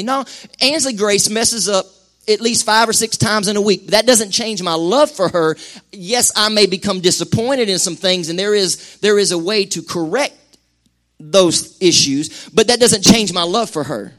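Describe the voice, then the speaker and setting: A middle-aged man preaching a sermon to a church congregation, animated and quick with acted-out asides. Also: high voice. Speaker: pastor. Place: church sanctuary.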